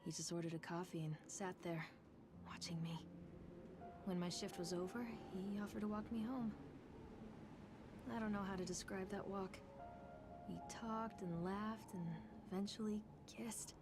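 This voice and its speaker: An actress voicing a grieving young mother searching for her lost son, narrating softly in a horror game. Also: mid-range voice, steady tone, moderate pace, long pauses, close to an everyday voice. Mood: wistful. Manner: soft, reflective game narration. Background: game music.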